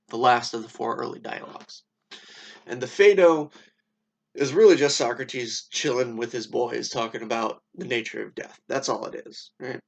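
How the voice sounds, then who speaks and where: A man with a gravelly, creaky voice at an ordinary pitch tells old dialogues in a loose, irreverent way. He fills gaps with "um" and "you know", tosses in swear words, and keeps checking in with "right?". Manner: casual, profane, many fillers and "right?" tags. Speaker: explainer retelling philosophy. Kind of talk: casual storytelling lesson.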